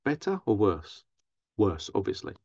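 A man's voice: lowish voice, measured pace, vocal fry, no echo. Man, therapist, casual monologue, mimics others, dry muffled recording. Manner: animated, mimics others in raised voice. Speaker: therapist and podcast host.

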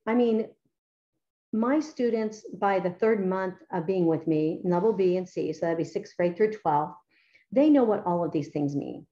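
In dull-sounding audio, a writing teacher, a middle-aged woman, explains her method for editing student papers in a chatty, enthusiastic way full of fillers. She speaks unhurriedly in a fairly low, dark-toned voice.

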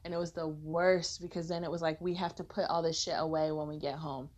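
A woman's voice: low voice, level tone, a little fast, darkish tone, a little hiss or hum. A woman co-hosting a casual chat, emphatic and repeating her points. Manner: emphatic, repeats herself, enthusiastic reactions.

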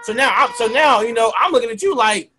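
A man's voice: very high-pitched, lively intonation, quick pace, sharp tone. A man who referees youth football and teaches, telling stories casually in an interview and filling his talk with "like" and "you know". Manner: rambling, heavy use of "like" and "you know".

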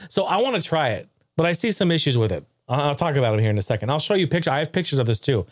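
Male host for a casual tech chat: profane and animated, laughs a lot, slightly high voice, recorded dry. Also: very fast, few pauses, dry recording.

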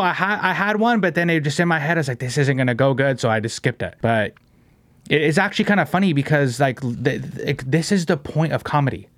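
A man with a fairly high voice hosts a casual podcast, talking in loose, rambling runs stuffed with "bro" and "you know what I mean." He keeps slipping into mocking voices of his critics. The sound is close and dry, with no room around it. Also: animated, quick pace, dry recording. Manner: slips into mocking voices of commenters. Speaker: podcast host.

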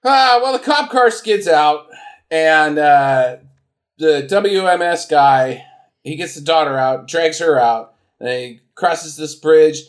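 A man co-hosting a casual comedy podcast, retelling a film's plot with loud sound effects and put-on voices. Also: fairly high pitch, slow. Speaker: podcast co-host. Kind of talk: casual comedic movie recap.

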